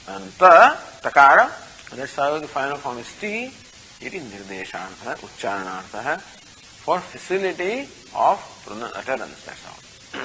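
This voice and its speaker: An older man teaching a scriptural study class, explaining slowly with many fillers and reciting Sanskrit. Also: on the high side, pushed and bright, slight background noise, rough recording. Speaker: Vedanta teacher.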